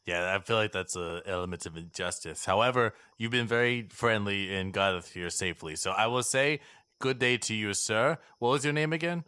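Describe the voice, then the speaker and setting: A man's voice: lowish voice, normal speed, pushed and bright, clean tone, dry recording, clean studio sound. A man playing a polite, friendly male adventurer in a tabletop game, speaking courteously with a slight lisp. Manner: courteous, formal in-character speech.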